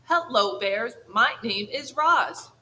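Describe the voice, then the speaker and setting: Woman doing a robot mother, storybook, formal, calm, polite, bright tone. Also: fairly high pitch, slow, a little hiss or hum, full character voice, low-quality recording. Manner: formal, calm, even, no contractions.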